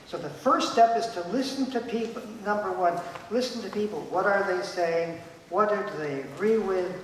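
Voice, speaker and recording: A man's voice: sits high, normal speed, slight background noise. A man giving an emphatic talk at a conference, repeating his key points and acting out the voices of people he quotes. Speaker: conference speaker. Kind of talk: lecture at a conference. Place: conference hall. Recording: echoey hall, voice picked up from a distance.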